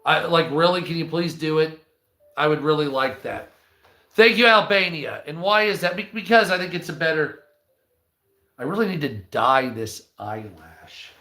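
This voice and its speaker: A man's voice: fairly high pitch, big pitch swings, moderate pace, pushed and bright, echoey room. A man giving casual, rambling commentary on news articles, swearing freely and drifting into offhand asides.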